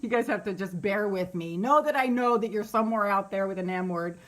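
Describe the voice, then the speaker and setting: A woman's voice: mid-range voice, brisk. A middle-aged woman hosting a casual live stream, candid and rambling, who laughs often and swears freely. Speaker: meditation host on a live stream.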